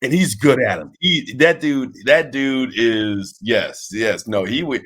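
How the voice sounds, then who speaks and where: A wrestling trainer, interviewed in casual chat, tells animated, rambling stories full of restarts, acting out the quotes. His voice is medium-pitched, slow and husky.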